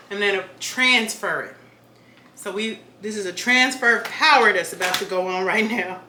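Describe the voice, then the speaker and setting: A woman's voice: medium pitch, moderate pace, reverberant, noisy background. A woman filming a casual home cooking vlog in her kitchen, chatting and joking with viewers as she cooks. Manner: chatty and joking, talks straight to viewers as y'all. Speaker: home cook vlogger.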